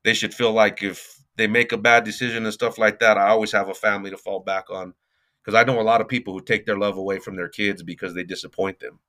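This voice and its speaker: A man's voice: fairly low pitch, steady tone, fast talker, sharp tone. Reflective man giving life advice. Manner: reflective, advice-giving, conversational with many fillers. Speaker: guest, youth coach and mentor. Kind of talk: casual podcast interview.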